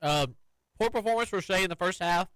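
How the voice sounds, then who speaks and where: A man working as a sports radio producer, chiming in with understated, deadpan remarks in the studio. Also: sits high, brisk, clean tone, dry recording. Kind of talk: casual sports radio banter.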